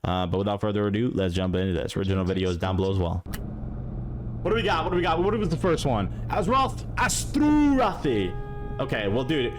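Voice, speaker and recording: A man's voice: on the low side, expressive, quick pace, music in the background. A man reacting to dashcam clips for his stream, casual and profane, scolding the drivers on screen. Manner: profane, exasperated, talks straight to the drivers.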